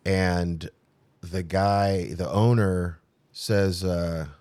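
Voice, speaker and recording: A middle-aged man, a tattoo artist, telling his own story in a casual interview, animated and acting out the people he quotes, with frequent restarts. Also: deep voice, extremely slow, no echo.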